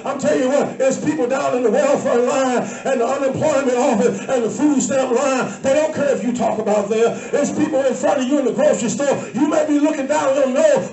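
A woman preaching a sermon to a congregation, shifting between low asides and loud shouting. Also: recorded from a distance. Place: church sanctuary. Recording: echoey church, mic from afar. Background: faint congregation.

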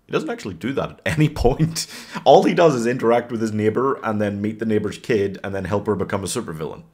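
A young man giving a casual, wry spoken movie review in a relaxed conversational way. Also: on the low side, fast, slightly rough. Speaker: film reviewer.

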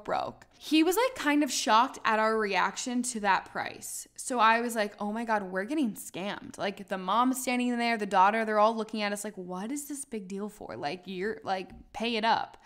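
A woman's voice: a little high, moderate pace, hardly any pauses, a bit bright, clear, resonant tone. A young woman hosting a podcast, telling a travel story casually, with dramatic retelling and lots of fillers. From United States. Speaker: podcast host.

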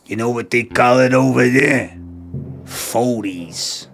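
A man's voice: medium pitch, slow pace, gravelly, a bit bright, faint music behind, heavily acted. A man voicing a boastful, foul-mouthed male barroom storyteller who swears and repeats himself, in improvised comic storytelling. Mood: rowdy. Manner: brash, swearing, repeats lines.

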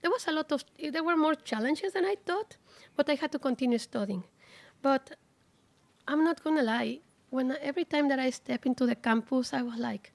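A woman in her forties giving a heartfelt, halting graduation speech at a ceremony. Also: high-pitched, gravelly, no echo. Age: 40s. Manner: heartfelt, emotional, halting with restarts. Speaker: graduating student speaker.

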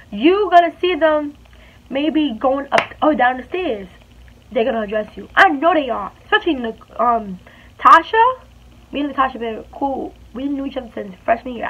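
A woman telling a storytime vlog in an animated, chatty way, repeating phrases for emphasis. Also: on the high side, husky. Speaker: beauty vlogger. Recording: tinny phone-like sound with faint hiss.

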